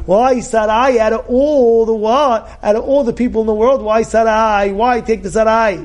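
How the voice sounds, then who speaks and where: A rabbi with a high voice teaches a Torah class at normal speed. He's emphatic and animated, erupting in loud outbursts and asking many rhetorical questions.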